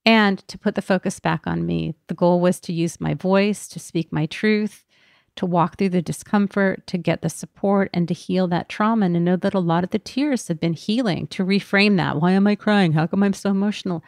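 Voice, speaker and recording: Woman podcast host, low and gravelly, earnest self-reflection, close and dry. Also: normal speed, dry recording. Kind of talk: reflective personal talk.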